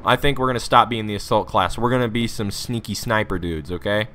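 A man doing excitable, rambling commentary over his own gameplay into a USB desktop microphone at his home computer. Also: fairly low pitch, fairly quick, hardly any pauses, a little hiss or hum. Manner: rambling, excitable, talks to viewers. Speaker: gaming YouTuber.

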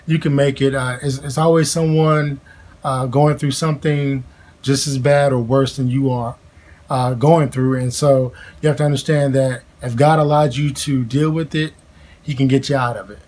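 A man in his thirties sharing a family story in a casual, heartfelt chat at home, halting with many fillers and restarts. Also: mid-range voice, fairly even intonation, a little mellow.

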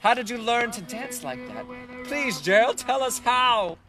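A man voicing a chorus of amazed jungle animals in a storybook reading, shouting in astonishment. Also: very high voice, expressive, unhurried, music in the background, voice pushed up.

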